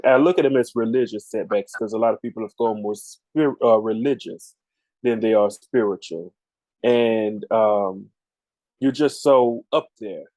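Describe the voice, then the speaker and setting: A man's voice: medium pitch, no echo, poor audio. A man co-hosting a podcast, riffing in a casual, preachy way with vernacular speech. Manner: animated, preachy riffing with Southern Black vernacular. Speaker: podcast co-host. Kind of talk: casual chat.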